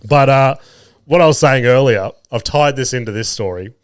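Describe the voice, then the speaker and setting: A man's voice: medium pitch, moderate pace, clean tone, no echo. A man in his thirties hosting a solo podcast, telling rambling, crude stories and laughing at his own jokes. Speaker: podcast host. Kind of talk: casual solo podcast storytelling.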